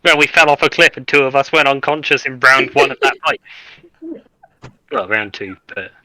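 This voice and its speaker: A man playing in a tabletop game, chatting casually and quick to argue a point. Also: mid-range voice, pushed and bright, no echo. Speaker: player.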